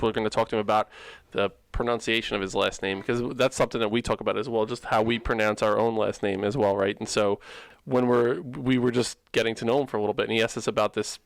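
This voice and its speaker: A man hosting a podcast in an energetic, loose way, swearing casually and restarting his sentences. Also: mid-range voice, no echo. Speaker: podcast host.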